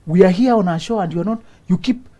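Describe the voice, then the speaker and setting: Here the host has a high, mellow voice and talks fast. He lectures on relationships, circling back to the same points for emphasis, and breaks into laughter as he performs short skits.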